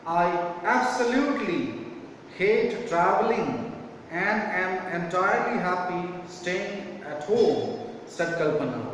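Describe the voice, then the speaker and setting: Male teacher, high-pitched, slow, spells words out; distant echoey classroom-style recording. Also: a little hiss or hum. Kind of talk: homework correction lesson. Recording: echoey room from far off.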